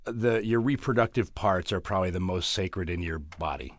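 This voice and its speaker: A man with a low voice talks through ideas casually on a podcast, halting and restarting as he goes. The sound is dry and close, with no room around it. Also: no echo. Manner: rambling, halting explanations with restarts. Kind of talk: casual chat.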